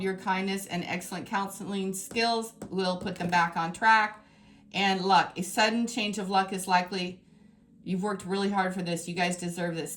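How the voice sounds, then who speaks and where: A woman giving a tarot reading to her viewers, talking in an emphatic, exasperated way that swings between scolding and excitement. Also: medium pitch, a little hiss or hum. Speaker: tarot reader.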